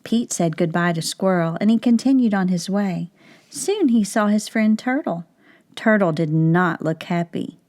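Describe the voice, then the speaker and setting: Slow, gravelly woman reading to kids. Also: on the low side, a little mellow. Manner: slow, clear, asks questions of child viewers. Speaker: teacher. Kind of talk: reading a picture book aloud to young children.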